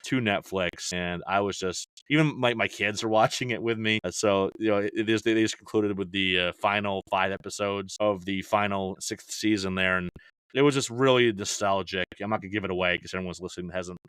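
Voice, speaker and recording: Rambling low-voiced male podcast guest. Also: brisk, fairly bright tone, clean tone, no echo. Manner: rambling, frequent restarts and "you know". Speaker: podcast guest, fantasy baseball analyst. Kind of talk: casual podcast chat.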